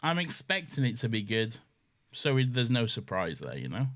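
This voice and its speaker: A man's voice: medium pitch, huge pitch swings, moderate pace, creaky, a bit bright. A man co-hosting a casual film chat, blunt and teasing and swearing freely. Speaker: podcast co-host.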